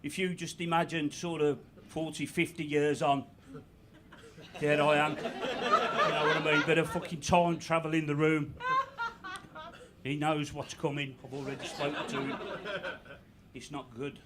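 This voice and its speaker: A man's voice: fairly high pitch, little pitch movement, unhurried, long pauses. A man in his sixties with a Birmingham accent, doing a dry, sweary, self-mocking stand-up set on a comedy club stage. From Birmingham, England. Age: 60s. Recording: live club mic with crowd noise.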